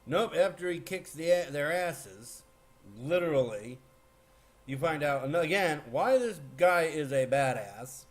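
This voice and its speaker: A man giving a casual, rambling movie spoiler recap, excitable, with lots of fillers and restarts. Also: fairly high pitch, measured pace, slight background noise. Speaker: movie reviewer.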